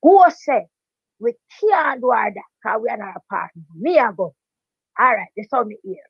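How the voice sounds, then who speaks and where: High-voiced older Jamaican woman storyteller. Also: a little fast, slightly rough, no echo. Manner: animated patois storytelling, emphatic repetition. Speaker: veteran dancehall DJ, guest. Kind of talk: storytelling interview. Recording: dry, dull lo-fi sound.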